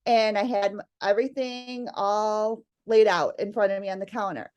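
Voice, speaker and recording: A middle-aged woman, a guest, telling a family story in casual chat, animated and laughing often, acting out what her family said. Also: mid-range voice, normal speed, clean tone.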